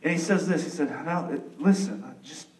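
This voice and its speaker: A young man preaching a sermon with a Texan accent, acting out the figures of his story with sudden loud bursts. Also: fairly high pitch, moderate pace, recorded from a distance. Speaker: pastor. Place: church sanctuary. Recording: echoey room, mic some way off.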